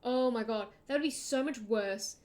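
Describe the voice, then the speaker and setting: An Australian woman streaming a game, chatting casually in an excitable, rambling way. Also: on the high side, moderate pace. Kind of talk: casual chat while gaming.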